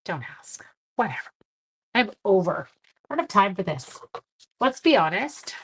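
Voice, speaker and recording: A woman's voice: medium pitch, very animated, normal speed, husky. Woman from Canada, stuffy-nosed craft host, chatty and giggly with rambling asides, live demo. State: congested. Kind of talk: live card-making demo and chat.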